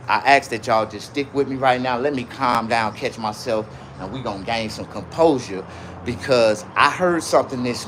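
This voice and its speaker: A man rambling on a livestream about tattoos, his shirt and a rap feud, out of breath, with loud bursts and mumbled asides. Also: medium pitch, a little hiss or hum. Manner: rambling and animated, swinging between loud outbursts and mumbling. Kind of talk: casual livestream rant.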